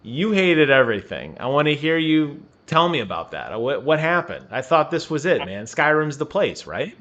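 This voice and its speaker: A man co-hosting a gaming podcast in casual chat, teasing and animated, laughing often. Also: a little high, moderate pace, highs cut off. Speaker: podcast co-host.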